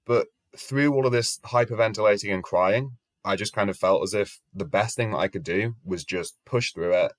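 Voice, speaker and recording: A man's voice: lowish voice, normal speed, hardly any pauses, no echo. Wry young man telling a story. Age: 20s. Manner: wry, self-deprecating, casual swearing. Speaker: travel vlogger. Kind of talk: storytelling vlog narration. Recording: music playing under voice.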